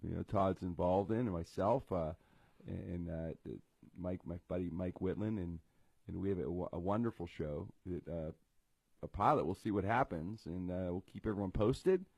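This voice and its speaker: A middle-aged man with a low, husky voice rambles through a casual comedy chat, tripping over restarts and poking fun at himself. The sound is close and dry, with no room around it. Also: moderate pace, a little mellow, no echo. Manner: rambling, self-deprecating jokes with frequent restarts. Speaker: radio comedy show host. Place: home studio.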